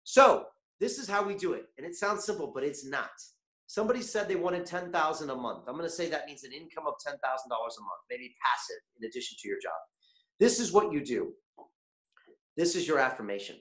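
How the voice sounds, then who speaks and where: A man hosting a motivational online masterclass, energetic and constantly asking his viewers questions. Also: high-pitched, brisk, echoey room. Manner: animated, keeps asking the chat audience questions. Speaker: webinar host.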